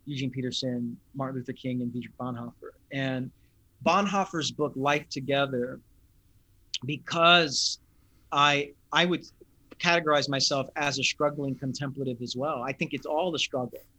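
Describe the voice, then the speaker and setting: Pastor guy talking slow and earnest in an interview, bright tone. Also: mid-range voice, no echo. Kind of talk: reflective interview talk.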